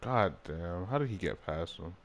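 A young man giving casual commentary over a basketball video game, muttering one moment and yelling in frustration the next. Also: sits low, animated, moderate pace. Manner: swings from mumbled talk to loud frustrated outbursts. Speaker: gaming YouTuber.

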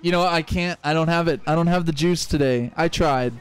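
A man's voice: on the high side, a little fast, clean tone. A young man chatting casually and rambling while playing a video game with friends, with frequent restarts and laughs. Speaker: gaming channel member. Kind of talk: casual let's-play banter.

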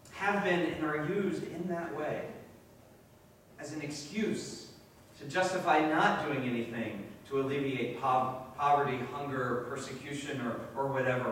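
Male New England pastor, casual halting sermon delivery, recorded from a distance in a very reverberant sanctuary with faint ambient noise. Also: a little high, fairly bright tone. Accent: New England American. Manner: conversational preaching with fillers and repeated words. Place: church sanctuary. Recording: very echoey church from a distance.

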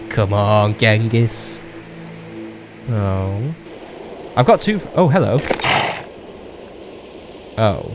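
A man's voice: mid-range voice, very animated, extremely slow, long pauses. Jokey man narrating his strategy game. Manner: chatty and jokey, talks to game leaders, swears. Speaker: gaming channel host. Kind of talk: casual let's play commentary. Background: game music.

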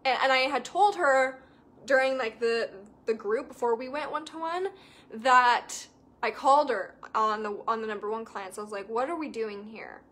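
A woman's voice: fairly high pitch, normal speed, fairly bright tone. A young adult woman coach chatting casually with viewers in an enthusiastic, emphatic way. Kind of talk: casual live chat to viewers.

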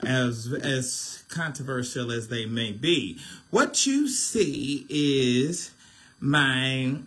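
A man's voice: medium pitch, expressive, very slow, fairly bright tone. A man, hosting a casual phone livestream as a minister, chatty and preachy, often laughing.

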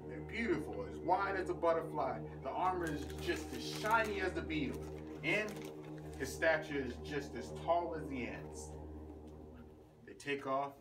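A man telling an animated children's-style story aloud, repeating words for effect. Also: fairly high pitch, unhurried. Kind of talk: spoken storytelling. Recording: far-off roomy noisy recording.

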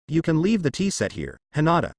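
A man voicing a gruff, curt male swordsman who grunts and scowls, in a fan fiction reading. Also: fairly high pitch, wildly swooping pitch, fairly quick, dry recording, clean studio sound, pitched above the performer's own voice, exaggerated voice.

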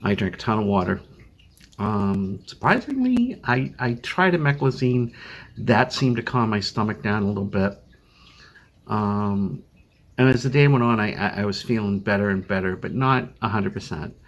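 A man's voice: on the low side, lively intonation, normal speed, dull audio. An older man with a Boston accent giving a tired, rambling video update from home, full of fillers and restarts. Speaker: vlogger living with chronic illness. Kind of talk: casual personal video update. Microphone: phone used as webcam.

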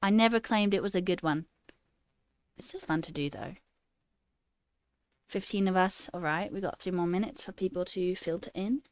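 A woman's voice: fairly low pitch, moderate pace, pauses often, no room sound. Woman in a put-on British accent. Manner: playfully putting on a mock British accent; chatty, laughs often, reads chat aloud. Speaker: livestreamer and new software engineer. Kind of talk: casual live-stream chat.

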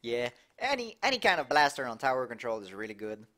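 Young male streamer, Québécois accent, lively pitch, excitable game-commentary energy. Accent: Québécois French. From Quebec, Canada. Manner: excitable, laughs often, quick reactions. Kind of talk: live gameplay commentary, reading chat aloud.

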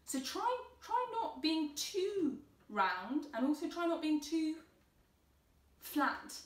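A woman's voice: sits high, big pitch swings, slow pace. A woman teaching beginners cello in an online tutorial, giving patient, encouraging step-by-step instructions. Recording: roomy sound from a distant mic with cello.

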